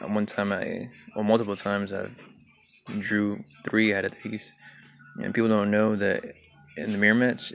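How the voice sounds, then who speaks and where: A young man talks through his card deck in a low, gravelly voice that stays flat and even. He is relaxed and full of fillers, clearing his throat now and then. The recording is dull and lo-fi, with a faint hiss behind him. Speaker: card game player. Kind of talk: casual deck walkthrough.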